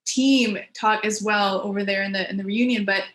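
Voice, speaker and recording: A woman's voice: mid-range voice, fairly even intonation, moderate pace, a bit bright, reverberant. A woman guest on a podcast, chatting casually and enthusiastically with plenty of fillers. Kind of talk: casual chat.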